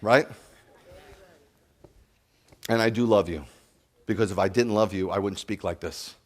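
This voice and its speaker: A man delivering a sermon as a rabbi. His voice sits on the low side. He talks earnestly and personally, sometimes dropping to a near-hush and sometimes rising to a sharp, loud rebuke. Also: a little slow. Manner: earnest, shifting from soft confiding to loud scolding.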